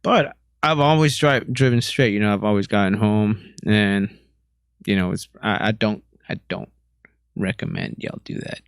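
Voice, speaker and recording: A man's voice: fairly low pitch, steady tone, moderate pace, smooth, dry recording. A young man, a podcast guest, telling rambling, slangy stories in a laid-back way. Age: young adult. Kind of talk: casual storytelling.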